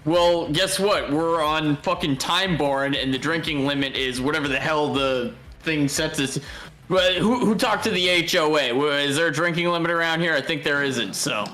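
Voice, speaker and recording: A man's voice: on the high side, normal speed, bright, forceful tone, low-quality recording. A man playing a tabletop game, bantering in a brash, swearing way. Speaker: player. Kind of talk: casual in-character game talk.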